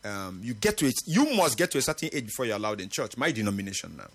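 A man's voice: fairly low pitch, sing-song, quick pace, breathy edge. A middle-aged man, hosting a morning radio talk show in an earnest, emphatic way. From Nigeria. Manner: earnest, emphatic, with occasional laughs. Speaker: radio host.

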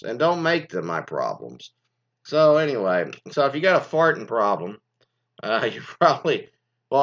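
A man's voice: medium pitch, a bit bright. A man hosting a casual commentary, reading news items and then ranting in a rambling, profane, exasperated way. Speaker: commentary host. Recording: dull lo-fi sound.

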